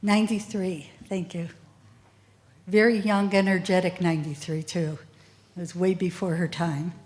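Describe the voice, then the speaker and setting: A woman's voice: on the low side, steady tone, moderate pace, a little mellow. A middle-aged woman, the child of a Holocaust survivor, answering student questions at a school assembly, earnest and at times close to tears. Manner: emotional, tearful at times, earnest.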